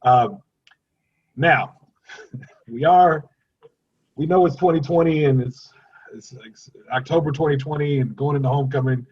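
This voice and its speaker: A man's voice: fairly high pitch, a little slow, pauses often, slightly rough, dull audio. A man from Dallas in his thirties moderating a health panel, rambling with frequent laughs and restarts. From Dallas, Texas. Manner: rambling and self-deprecating, laughs often, many restarts. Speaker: forum moderator. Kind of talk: panel discussion.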